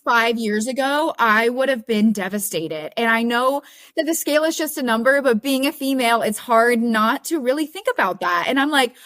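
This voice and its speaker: A woman's voice: a little high, normal speed, a bit bright. A young woman speaking as a podcast guest in a candid, earnest and emphatic way. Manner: earnest, emphatic self-encouraging. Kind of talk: candid casual interview talk.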